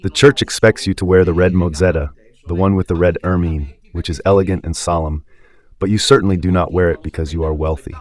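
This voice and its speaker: A man's voice: deep voice, fairly even intonation, brisk, a little mellow. A man with an Italian accent giving impassioned religious commentary on the radio, emphatic and rhetorical, often asking his listeners if they understand. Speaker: radio preacher.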